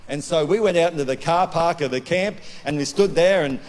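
A man preaching a sermon as a pastor, loud and declaring, swinging from calm talk to shouting. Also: fairly high pitch, a little fast. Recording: long hall reverb.

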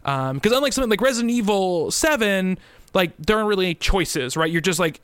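Casual man with a smooth voice. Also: high voice, lively intonation, brisk, fairly bright tone, no echo. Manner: rambling, lots of "um" and restarts. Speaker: podcast co-host. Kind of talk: casual chat.

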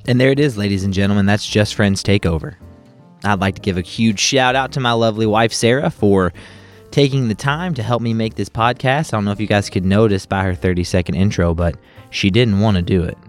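A man's voice: on the low side, fairly quick, soft background music. A young man hosting a podcast, talking candidly to his listeners in a chatty outro. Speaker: podcast host.

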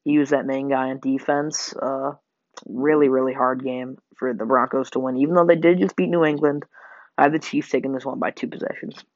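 A man's voice: mid-range voice, fairly even intonation, fairly quick, no room sound. A man hosting a sports podcast, rambling through game predictions with lots of fillers and self-corrections. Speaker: podcast host. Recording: dull lo-fi home mic.

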